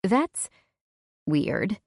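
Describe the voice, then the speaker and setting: A woman narrating a first-person romance audiobook in a wry, conversational, expressive way. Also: medium pitch, very slow, slightly rough, dry recording, clean studio sound.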